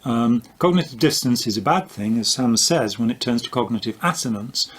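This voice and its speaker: A man's voice: mid-range voice, animated, a little fast, husky. An older man, an author and commentator, explaining ideas in a casual conversational debunking with dry, wry jokes.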